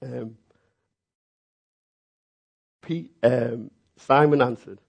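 A man preaching a sermon, telling the story with lively, acted-out reactions. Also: mid-range voice, very slow, creaky, long pauses, husky. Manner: animated storytelling, acting out reactions.

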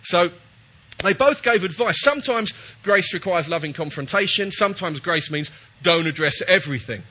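High husky preacher with a cold. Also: male voice, lively intonation, normal speed, pushed and bright. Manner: chatty, jokey, checks in with the audience. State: has a cold. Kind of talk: sermon.

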